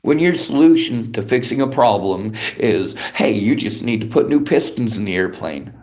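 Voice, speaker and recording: This is an angry livestream rant: a man in a library reads viewers' comments out loud and responds with bitter, profane lecturing. He speaks at a moderate pace in a mid-range, darkish voice with lively intonation.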